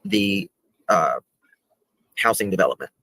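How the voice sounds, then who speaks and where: A man explaining a video on a call, halting and restarting as he walks through the footage. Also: sits low, big pitch swings, bright, forceful tone, no echo, rough recording. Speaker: guest presenting a video.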